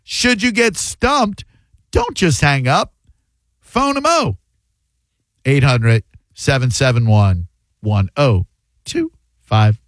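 A man hosting a radio call-in show, chatty and animated. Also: medium pitch, slow, no echo. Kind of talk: casual radio talk with callers.

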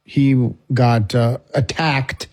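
A man co-hosting a radio show, joking and telling quick stories. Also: mid-range voice, fairly even intonation, darkish tone. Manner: jokey storyteller, chimes in. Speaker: radio co-host. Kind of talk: casual radio banter.

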